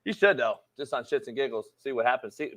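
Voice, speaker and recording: A man's voice: medium pitch, animated, quick pace, a bit bright. A man hosting a sports podcast in casual chat, profane and teasing. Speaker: show host.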